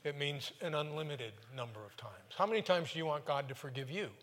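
Animated male preacher in a reverberant hall. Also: a little high, a little hiss or hum. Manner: animated, with quick bursts and sudden drops. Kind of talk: sermon storytelling.

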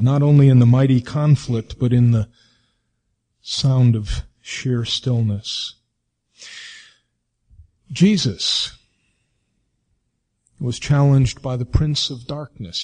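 A male preacher delivering a sermon, with expressive, drawn-out emphasis and rhetorical questions. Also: mid-range voice.

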